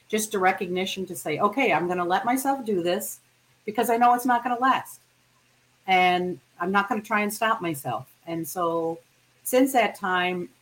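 A woman in her fifties, co-hosting a podcast, talking in a reflective casual way and searching for words. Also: on the low side. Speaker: podcast co-host.

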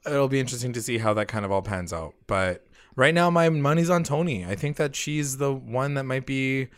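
A young man co-hosting a casual TV recap podcast, relaxed and chatty, saying y'all and swearing now and then. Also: medium pitch, a little fast. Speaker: podcast co-host.

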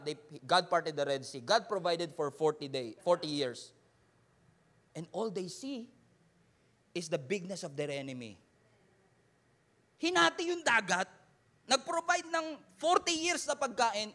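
A man with a Filipino accent preaching a Taglish sermon as pastor, swinging from shouted emphasis to hushed, quiet lines. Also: sits high.

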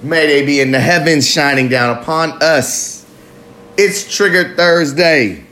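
A man's voice: a little high, a little slow, pushed and bright. A man hosting a live recovery talk show, talking loosely and profanely in a confessional monologue, sometimes drawing out his words. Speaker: podcast host.

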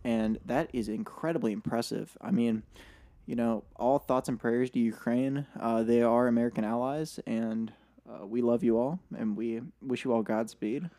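A man's voice: mid-range voice, fairly even intonation, normal speed, warm tone. A young man hosting a podcast in casual chat, rambling with fillers and repeated words. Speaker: podcast host.

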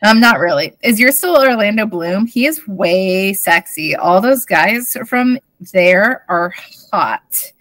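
A woman's voice: mid-range voice, lively intonation, takes it slowly, few pauses, fairly bright tone, dry recording. A woman in her thirties co-hosting a podcast, giggling as she reads old teen notes aloud in casual chat. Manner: giggly, bubbly, laughs between lines. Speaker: podcast co-host.

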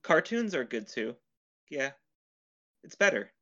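Slow-paced and sing-song, this podcast co-host has a bright, forceful mid-range voice. He mocks himself good-naturedly in casual conversation, laughing frequently, all on a dull, lo-fi recording.

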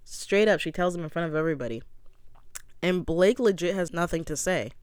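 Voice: mid-range voice, brisk, clean tone, no echo, studio quality. A young adult giving a casual, opinionated recap of a reality show, talking bluntly and swearing freely.

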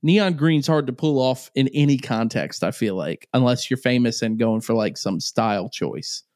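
A man's voice: mid-range voice, normal speed, darkish tone, dry recording, studio quality. A man who works as a youth pastor, joking and laughing often in a casual chat.

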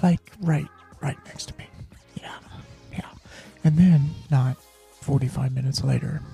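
Male podcast host with a gravelly, husky voice, telling a candid, rambling personal story and whispering his own thoughts. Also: mid-range voice, mellow.

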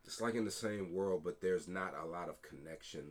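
A man co-hosting a podcast in casual chat, animated, swearing and laughing often. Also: deep voice, moderate pace. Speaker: podcast co-host.

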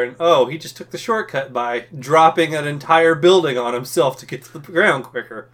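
A man's voice: a little high, brisk, a bit bright. Profane joking man in casual chat. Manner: profane, joking, acts out reactions. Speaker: podcast co-host.

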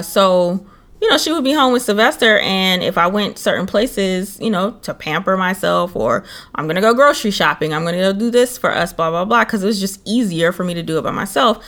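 Sassy, animated young woman podcaster. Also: medium pitch. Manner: animated storytelling, sassy asides. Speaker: podcast co-host. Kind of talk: casual chat.

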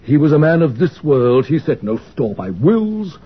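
An actor playing a smug, terse undertaker's partner. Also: male voice, on the high side, sing-song, normal speed, husky, lo-fi sound.

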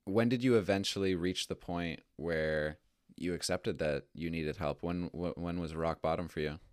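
A man's voice: sits low, steady tone, normal speed, dry recording, studio quality. A man hosting a podcast interview, asking questions and affirming his guest. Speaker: podcast host.

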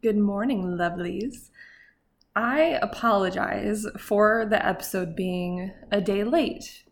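A woman's voice: medium pitch, slow. A young adult woman hosting a podcast, telling a story in a rambling, chatty way full of filler words. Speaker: podcast host. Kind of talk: casual chat.

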